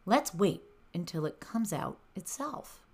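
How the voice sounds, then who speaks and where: A woman voicing a wise old owl in a storybook, giving calm and measured advice. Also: mid-range voice, slightly rough. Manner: slow and measured.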